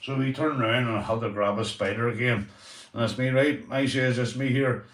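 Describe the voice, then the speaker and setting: A man's voice: mid-range voice, fairly even intonation, brisk, fairly bright tone, distant mic. Sweary Northern Irish man, roomy echo. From Northern Ireland. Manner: chatty, sweary storytelling, talks to viewers. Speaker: livestream host. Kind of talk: casual livestream chat.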